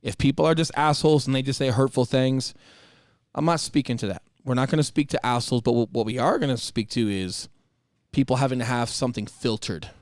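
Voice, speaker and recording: A man's voice: mid-range voice, fairly even intonation, fairly quick, dry recording, studio quality. A man and former Marine co-hosting a podcast, talking casually in a blunt, direct way and swearing freely. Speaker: podcast co-host.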